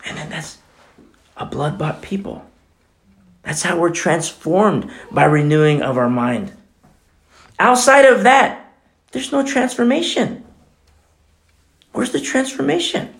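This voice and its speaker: Gravelly, emphatic male pastor preaching. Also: a little high, expressive, normal speed. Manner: emphatic, swings between loud exclamations and hushed near-whispers. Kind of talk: sermon.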